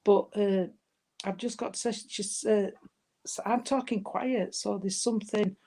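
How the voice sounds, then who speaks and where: A woman's voice: mid-range voice, flat delivery, unhurried, warm tone, slight background noise. A woman giving a live mediumship reading, hesitant and affectionate, calling her listeners darling. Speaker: spiritual medium.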